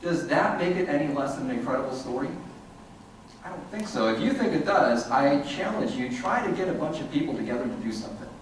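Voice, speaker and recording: A man's voice: fairly high pitch, brisk, slight background noise. A man giving a humorous, sarcastic lecture to an audience. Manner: sarcastic, animated. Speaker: speaker giving a talk to an audience. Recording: echoey hall, distant mic.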